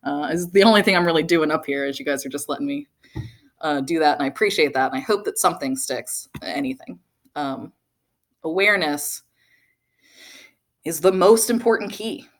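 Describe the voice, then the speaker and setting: A young woman tells a personal story from the stage, her voice sitting a little low. She is animated, laughs often and fills her talk with "like.". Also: normal speed, pauses often. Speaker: speaker.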